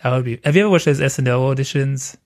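A man's voice: mid-range voice, rapid-fire, a little mellow. A man hosting a podcast in a casual, jokey way, swearing freely. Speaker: podcast host. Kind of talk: casual chat.

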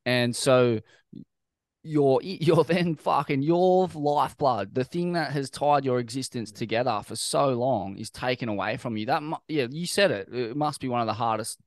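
A man's voice: medium pitch, normal speed, dry recording, clean studio sound. An Australian man hosting an interview, asking long, rambling, swear-laced questions in a laid-back way. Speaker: podcast host. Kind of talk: casual interview chat.

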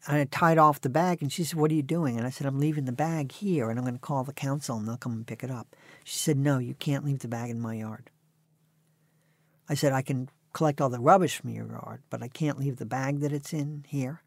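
A man's voice: medium pitch, a little fast, no room sound. A man in his sixties telling stories as an interview guest in a dry, wry way. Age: 60s. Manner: dry, wry anecdotal delivery. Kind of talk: conversational storytelling.

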